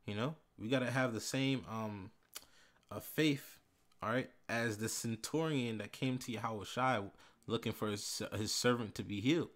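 A man giving a casual bible lesson, reading verses slowly and with emphasis, tagging phrases with "man" and "all right". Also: mid-range voice. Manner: reads scripture slowly and loudly, fillers like "man" and "all right". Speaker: bible teacher.

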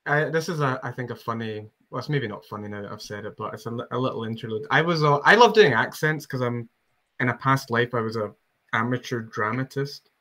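A Scottish man with a bright, forward voice, hosting a relaxed conversation. He rambles off on tangents and pokes fun at himself as he goes. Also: mid-range voice, a little fast. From Scotland. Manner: rambling, self-deprecating, fond of accents. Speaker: podcast host. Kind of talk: casual chat.

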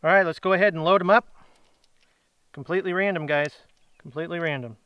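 His voice is a little high and clean-toned: a middle-aged grilling channel host doing an outdoor giveaway for a casual vlog. He keeps it chatty and upbeat, dragging out the winners' names, and the recording is dry with a lo-fi quality.

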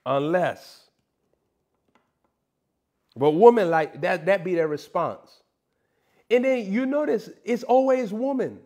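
A man's voice: high-pitched, lively intonation, slow pace, long pauses, warm tone. A man preaching a sermon in a comedic, playful way, teasing and mock-scolding his listeners.

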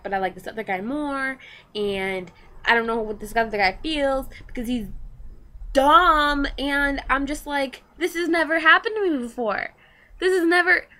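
A high-voiced teenage girl talks her way through a dilemma in a casual confessional vlog. Her tone is bright and light, and she rambles with constant "like"s and sentences she abandons and starts again. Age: teens. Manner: rambling, restless, full of "like" and self-corrections. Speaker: vlogger.

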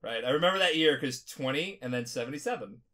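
Tipsy podcast guy, rambling and swearing a lot, pitch all over the place. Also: quick pace. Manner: rambling, profane, animated. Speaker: podcast host. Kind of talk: casual podcast chat.

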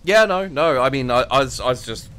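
A man's voice: mid-range voice, animated, fairly quick, a bit bright. A young man chatting casually while playing a game, rambling and stumbling over his words. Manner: rambling, hesitant, stammering restarts. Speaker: gaming streamer. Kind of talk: casual gaming chat.

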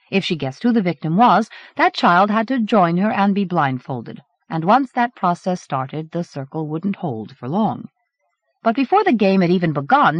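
A woman's voice: lowish voice, no echo. A woman narrating a horror novel as an audiobook, from a dull 1980s cassette recording. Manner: expressive storytelling. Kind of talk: scripted narration.

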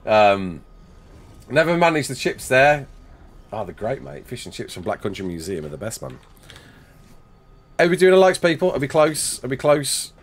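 A young English gamer streaming live has a mid-range, slightly breathy voice with big pitch swings. He talks at normal speed but pauses often, chatting casually and reading viewer comments aloud to answer them. He's on a desk mic with a face cam.

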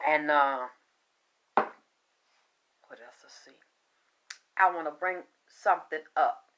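A woman hosting a video, telling a rambling conspiracy story in an animated, conspiratorial way that swings between loud and soft. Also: low voice, takes it slowly, muffled recording, a little hiss or hum. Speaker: video host.

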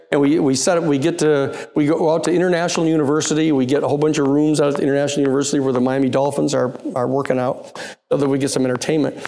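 Male lecturer, storytelling mode, animated, fry in the voice. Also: on the high side. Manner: animated, quotes people in the story and laughs along. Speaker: lecturer recounting a legal case. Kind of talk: anecdotal storytelling to a class.

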